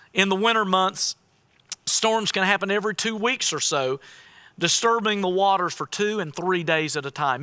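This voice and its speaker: High, bright-voiced man preaching. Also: smooth. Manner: dramatic, emphatic preaching with repeated phrases. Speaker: pastor. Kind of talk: sermon.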